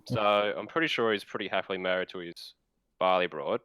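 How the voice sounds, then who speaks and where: A young Australian man hosts a podcast, his voice sitting low and close in a dry, deadened room. He tells his stories bluntly and casually, swearing between every few words. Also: brisk, bright, forceful tone, clean tone, no room sound, rough recording. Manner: blunt, swearing, laid-back storyteller. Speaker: podcast host. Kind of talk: casual storytelling.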